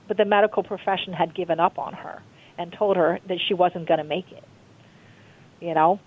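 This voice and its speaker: A woman tells stories in a lively, rambling way, full of fillers and repetition. Her voice comes through a thin, tinny phone line. She is a guest author in a phone-in interview. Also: mid-range voice. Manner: animated storyteller, repeats herself, many fillers.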